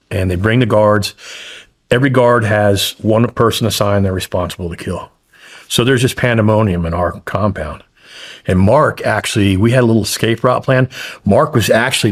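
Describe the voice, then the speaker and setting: A man's voice: on the low side, husky. A middle-aged man, a guest on a podcast interview, telling his story bluntly with plenty of swearing. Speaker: guest, former hostage.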